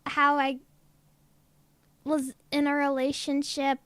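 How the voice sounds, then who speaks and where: A woman's voice: high-pitched, monotone, slow, fairly bright tone, no room sound. A woman with a girlish, childlike voice, telling a story in a giggly, rambling way as a VTuber chatting on stream. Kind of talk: casual stream chat.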